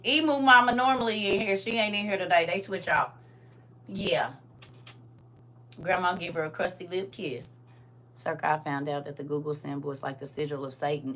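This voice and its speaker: A grandmother hosting a casual livestream, talking sassily and directly to her viewers from her phone. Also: mid-range voice. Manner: sassy, animated, talks straight to viewers.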